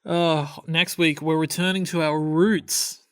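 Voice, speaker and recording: Fairly high, dry-voiced male podcaster. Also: fairly even intonation, unhurried, clean tone, no room sound. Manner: enthusiastic, stumbling restarts. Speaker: podcast co-host. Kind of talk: casual chat.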